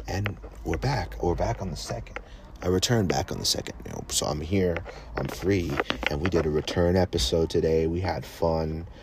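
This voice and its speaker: A man's voice: deep voice, creaky, noisy background. A man hosting a podcast, rambling in a loose, profane, casual way. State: high. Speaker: podcast host.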